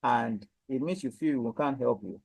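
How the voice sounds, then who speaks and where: A man from Nigeria presenting a webinar sales pitch, pressing listeners again and again to buy a training course. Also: moderate pace, creaky, a little mellow, slightly rough, dry recording, rough recording. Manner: persuasive, repetitive sales push. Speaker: online course seller.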